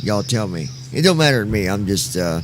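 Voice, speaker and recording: A man's voice: fairly low pitch, big pitch swings, fairly quick, background noise. A man hosting a casual live stream, talking on a headset mic and joking with viewers while he tests his audio. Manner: playful, joking, testing his mic aloud. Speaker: streamer host.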